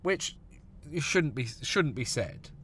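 A man's voice: a little high, expressive, slow pace, a bit bright, slight background noise. A young man, a comedian, chatting casually on a podcast about gigs, with frequent ums. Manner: chatty, hesitant fillers, laughs at anecdotes. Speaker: stand-up comedian and podcast co-host.

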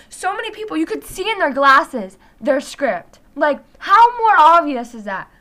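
A teenage vlogger with a high-pitched, fairly bright voice talks casually and very animatedly, yet at a measured pace. She drifts from thought to thought, filling her speech with "like."

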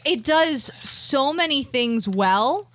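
Dry, halting woman podcast co-host. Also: sits high, animated, fairly bright tone, dry recording. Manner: hesitant, halting, many restarts. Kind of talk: casual podcast review chat.

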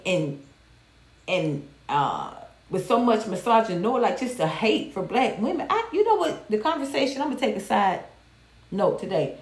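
A woman talks straight to her livestream viewers, blunt and profane with animated swings. Her mid-range voice carries a roomy echo. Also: mid-range voice. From Georgia, USA. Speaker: livestream host. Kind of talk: candid casual commentary.

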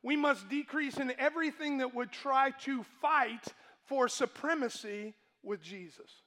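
A man's voice: very high voice, a little slow, bright, forceful tone. A male pastor preaching a sermon to his congregation, emphatic and asking them questions.

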